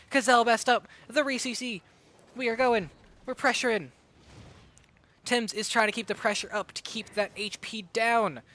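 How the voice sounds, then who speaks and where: A man casting a live game tournament, hyper and excitable, rattling off play-by-play and getting out of breath. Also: sits high. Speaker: tournament caster and streamer. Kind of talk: live esports commentary.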